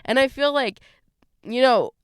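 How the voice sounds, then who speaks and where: A woman's voice: high voice, a little slow, clean tone, dry recording. A young adult woman talks through her solo podcast in a loose, rambling way, full of fillers and asides. Her voice comes through very clean and close, with a dry sound and no room around it. Her throat sounds a little scratchy. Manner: rambling, lots of "like" and "you know". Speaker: podcast host. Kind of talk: casual solo podcast monologue.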